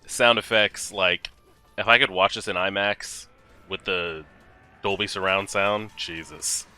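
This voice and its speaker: A man hosting an anime reaction video, talking casually and excitably, swearing and talking back at the screen. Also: on the low side, a little slow, clean tone, faint music behind.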